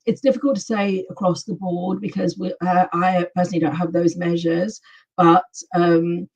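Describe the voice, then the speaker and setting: A middle-aged woman answering interview questions over a video call, speaking in a measured, thoughtful way with frequent pauses. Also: fairly low pitch, dark tone. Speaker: guest, communications specialist. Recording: dull, distant video-call audio.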